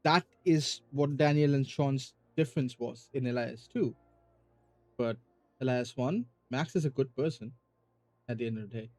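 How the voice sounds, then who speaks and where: A man's voice: medium pitch, normal speed, no echo. Male gamer host, mid-range voice, earnest off-the-cuff commentary, dry close sound. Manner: earnest, thinking aloud with restarts. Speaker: let's-play host. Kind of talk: casual gameplay commentary.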